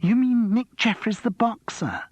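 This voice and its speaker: A man's voice: fairly high pitch, sing-song, a little slow, husky, no room sound, pitched above the performer's own voice, full character voice. A man voicing a giggly, flirtatious woman contestant who squeals and gossips. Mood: giddy.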